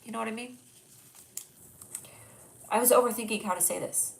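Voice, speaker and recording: This is casual livestream chat from a young woman host, congested and rambling, who reads out jokes from her viewers with plenty of self-deprecation. She sounds high-pitched and creaky at a moderate pace, over poor audio.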